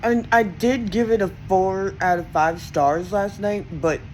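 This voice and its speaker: A woman's voice: mid-range voice, a little slow, a little mellow, slight background noise, rough recording. A woman vlogging in a casual, profane, rambling way, with lots of fillers, her voice rising sharply when she gets indignant. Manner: profane, meandering, many fillers. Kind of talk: casual rant to camera.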